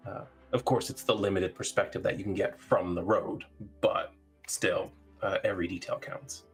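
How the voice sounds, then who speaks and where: A man narrating as game master of a tabletop game, relaxed and full of fillers. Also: sits low, normal speed, husky, soft background music.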